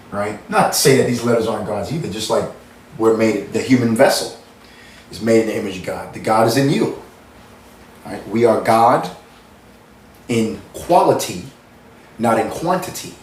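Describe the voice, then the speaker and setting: A man's voice: medium pitch, a little hiss or hum. A man from the United States giving a meandering, repetitive spiritual monologue, restarting and circling back as he explains his ideas earnestly. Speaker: spiritual channel host. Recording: roomy sound, mic at a distance.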